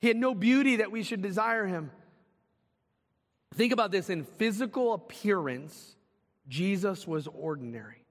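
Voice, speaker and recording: High-voiced male preacher in a reverberant hall. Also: expressive, moderate pace. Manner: preaching with dramatic swings from loud to hushed. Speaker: pastor. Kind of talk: sermon.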